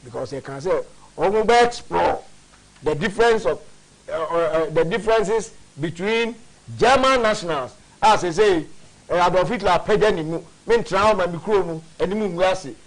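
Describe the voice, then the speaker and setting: Male host, fairly high voice, emphatic and expansive delivery, history talk. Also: lively intonation, moderate pace, low-quality recording. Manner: expansive and emphatic, mixing Twi with English. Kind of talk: conspiracy history discussion.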